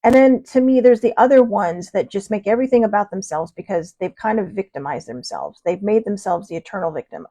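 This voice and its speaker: A woman's voice: medium pitch, lively intonation, brisk, few pauses, warm tone. A woman hosting her own show in a casual chat style, wandering off topic and laughing often. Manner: rambling, digressive, laughs often. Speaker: show host.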